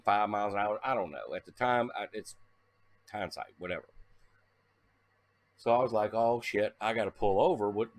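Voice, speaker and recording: A man casually telling a story to camera, animated and swearing, acting out his own past reactions. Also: lowish voice, no echo. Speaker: vlogger.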